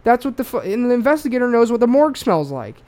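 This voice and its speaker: A man's voice: very high-pitched, sing-song, quick pace, a little mellow. An Australian man telling a true-crime story in a loose, rambling way, full of swearing and fillers. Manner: rambling, profane, lots of fillers.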